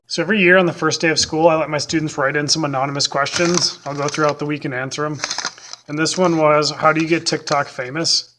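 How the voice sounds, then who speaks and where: A man's voice: on the high side, steady tone, fast, over music. A young male teacher telling funny stories from school in a casual way, with dry, self-mocking humor. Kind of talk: casual storytelling to camera.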